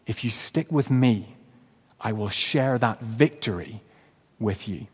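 Pastor in a reverberant hall. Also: male voice, lowish voice, takes it slowly, slightly rough. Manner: reads a story aloud with rising, shouted quotes. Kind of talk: sermon with closing prayer. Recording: long reverb of a church hall.

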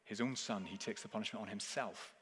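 A man preaching a sermon earnestly, swinging between forceful emphasis and hushed, intense passages. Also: on the low side, a little fast. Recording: long reverb of a large hall.

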